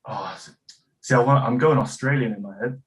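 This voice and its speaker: A man's voice: medium pitch, brisk, over a noisy crowd, low-quality recording. An English man chatting casually on a podcast, a bit hesitant and self-deprecating. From England. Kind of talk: casual chat.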